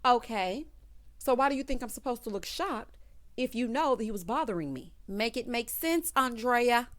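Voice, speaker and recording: A woman hosting a casual TV recap, talking in a sassy, animated way and laughing often. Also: fairly high pitch, normal speed. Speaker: TV recap host. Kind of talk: casual review chat.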